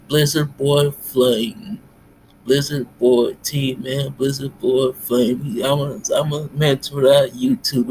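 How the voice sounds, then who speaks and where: A man rambling in a monologue, tacking "mates" onto nearly every phrase in a halting, repetitive delivery. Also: mid-range voice, slight background noise. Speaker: self-styled pastor vlogger.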